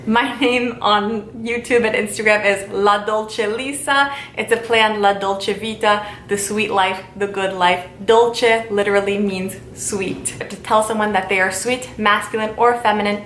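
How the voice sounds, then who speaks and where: A woman teaching a language lesson, speaking slowly and repeating each word for learners to follow. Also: mid-range voice, fairly bright tone, reverberant, a little hiss or hum. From Italian heritage. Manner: slow, repeats words for learners.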